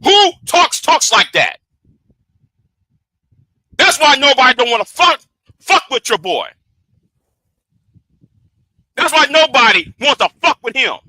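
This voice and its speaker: Man, very high voice, sharp and bright, angry profane livestream rant, dry close sound. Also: sing-song, slow pace, pauses often, dry recording, poor audio. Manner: angry, profane, directly addressing a rival. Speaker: live streamer. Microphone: streaming setup.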